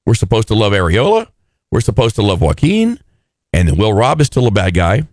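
Male podcast co-host, exasperated recapper with a lively, swooping delivery, dry close sound. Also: fairly quick, no room sound. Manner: animated, exasperated, mocks characters in high put-on voices. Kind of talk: casual TV recap chat.

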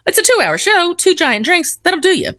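A chatty woman with a drawl spins a story, her pitch rising and falling in wide swings as she acts out each voice. She is recorded close and dry, with no room sound at all. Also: normal speed, dry recording. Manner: animated, chatty storyteller acting out quotes. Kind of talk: casual storytelling chat.

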